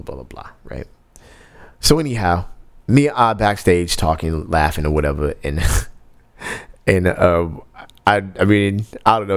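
A man's voice: sits low, gravelly, no echo. A young man co-hosting a casual podcast, telling a story in a laid-back, slangy way and laughing often. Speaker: podcast co-host.

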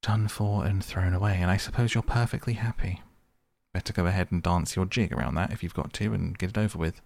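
A man's voice: deep voice, fairly quick, gravelly, darkish tone. A man voicing a small, stubborn male mole who complains pettishly, in a storybook reading.

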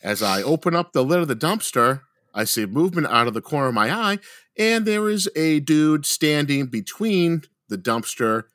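A young adult man telling a story in casual, animated chat, swearing heavily and acting out what people said. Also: a little high, moderate pace. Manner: animated, heavy swearing, acts out quotes. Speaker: podcast co-host telling a story.

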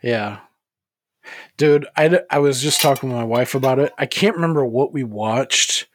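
A man's voice: medium pitch, normal speed, slight background noise. A man co-hosting a podcast in casual chat, cursing freely and laughing easily. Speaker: podcast co-host.

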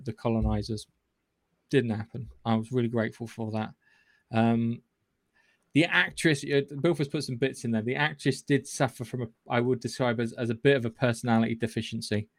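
Talking fairly quickly in a steady, medium-pitched voice, a man hosting a podcast retells a movie casually, with plenty of swearing, rambling, and restarts. The recording is clean studio sound with no room sound.

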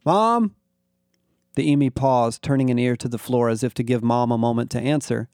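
A man tells a first-person story in a wry, unhurried voice. His tone is mellow and warm, and the recording is close and dry with no room sound. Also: mid-range voice, level tone, clean tone, no echo. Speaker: narrator.

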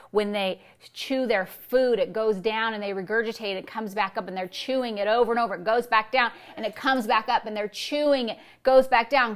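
A woman's voice: mid-range voice, fairly bright tone. A woman pastor giving a sermon, preaching emphatically with repetition and rhetorical questions.

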